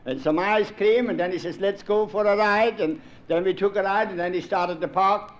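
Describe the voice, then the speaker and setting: A woman's voice: mid-range voice, moderate pace, close to an everyday voice. A man voicing a cheeky young daughter telling her mother about a date, chattering on with a Pennsylvania Dutch accent. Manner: chattering run-on storytelling.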